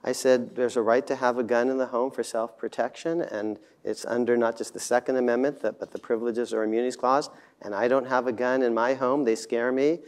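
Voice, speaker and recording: A man giving a debate speech, halting with many fillers, confident and dismissive at points, with self-deprecating humor. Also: medium pitch, little pitch movement. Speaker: debate speaker.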